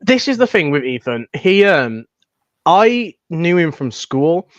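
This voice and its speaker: Young british guy rambling on about his fan series, bit high voice, dull muffled dry sound. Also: big pitch swings, takes it slowly, dry recording. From United Kingdom. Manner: rambling, many restarts and fillers. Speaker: fan filmmaker guest. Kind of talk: casual chat.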